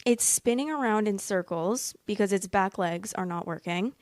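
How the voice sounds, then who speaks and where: A woman's voice: mid-range voice, moderate pace, a little mellow, no echo, studio quality. A woman telling a personal story in a casual, rambling way, packed with fillers and emotional asides. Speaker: vlogger.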